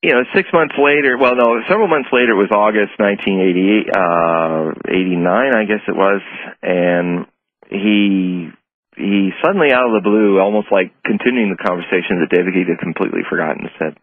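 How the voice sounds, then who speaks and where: A man's voice: sits low, fairly quick, no echo. A man telling rambling anecdotes as a radio interview guest, correcting himself as he goes, heard over a tinny phone line. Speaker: guest, prophecy author. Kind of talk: casual storytelling interview. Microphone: telephone.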